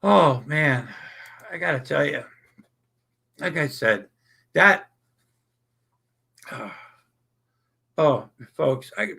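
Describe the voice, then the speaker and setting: A man's voice: on the high side, animated, extremely slow, gravelly, pauses often, pushed and bright, breathy edge. A man hosting a casual livestream from his apartment, rambling and exclamatory, swearing freely. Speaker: livestream host. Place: old apartment indoors.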